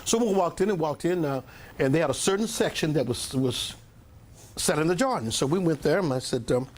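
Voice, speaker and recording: An older man preaches from the front of a meeting room, drifting into a long, animated story. His pitch rises and dips all over, and he pauses to cough and clear his throat. Faint noise sits under the room sound. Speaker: pastor. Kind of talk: storytelling sermon. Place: church meeting room with a congregation.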